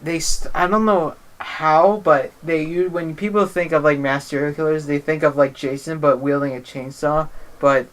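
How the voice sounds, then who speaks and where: A man's voice: a little high, steady tone, normal speed, a bit bright. A young man co-hosting a podcast, chatting casually and correcting details in a nerdy way. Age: young adult. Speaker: podcast co-host.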